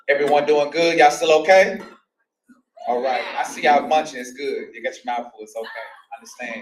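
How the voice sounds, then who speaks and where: A man moderating a live community town hall. He chats casually with the audience and reads out panelist introductions at a deliberate pace. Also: mid-range voice. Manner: relaxed and chatty with the audience, deliberate when reading bios. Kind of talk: hosting a live community event, reading introductions. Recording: roomy hall, voice picked up from a distance.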